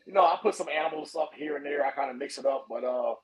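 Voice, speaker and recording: A man chatting casually as a podcast guest, animated and swearing freely. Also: a little high, fast, a crowd in the background, low-quality recording. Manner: animated, swears casually, acts out quoted voices. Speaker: podcast guest, snake breeder. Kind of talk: casual chat.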